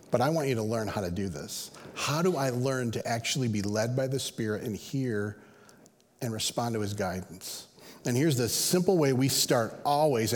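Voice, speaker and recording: Middle-aged male pastor, earnest and conversational, mid-pitched, preaching in a reverberant church hall. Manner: conversational, earnest, acts out quoted voices. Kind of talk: sermon.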